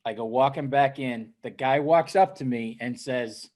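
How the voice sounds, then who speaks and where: A man co-hosting a casual chat, telling an animated story and often tagging his lines with "right?". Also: medium pitch, unhurried, hardly any pauses. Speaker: co-host.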